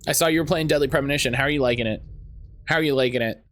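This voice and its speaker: A man streaming a video game, chatting casually and excitedly with his viewers, rambling and greeting them by name. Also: medium pitch, rapid-fire. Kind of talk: casual live-stream chat.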